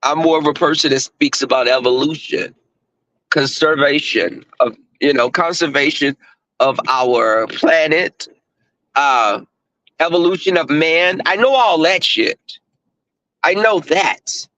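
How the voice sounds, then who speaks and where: A man's voice: on the high side, unhurried, bright, forceful tone, dry recording, poor audio. A middle-aged man with a Southern US accent talks to viewers in a blunt, profane, casual monologue, full of fillers and restarts. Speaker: online talk host.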